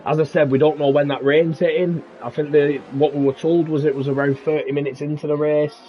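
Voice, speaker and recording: A man's voice: on the high side, little pitch movement, brisk, muffled recording, slight background noise. A man co-commentating a live sim race, chatty and laying out strategy and stats.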